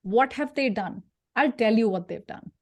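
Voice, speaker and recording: A woman from India leading an interactive career workshop, lively and jokey, putting questions to her audience. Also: on the high side, moderate pace. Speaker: career speaker.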